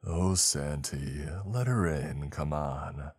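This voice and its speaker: A man's voice: extremely low pitch, animated, slow pace, slightly rough, exaggerated voice. A man voicing a monster that imitates a young man's father in a coaxing, menacing, demonic way, in a horror story reading.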